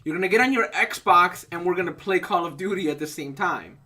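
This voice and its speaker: A man's voice: sits high, animated, a little fast, pushed and bright. A man co-hosting a casual podcast, joking and teasing his friends. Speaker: podcast co-host. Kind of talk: casual chat.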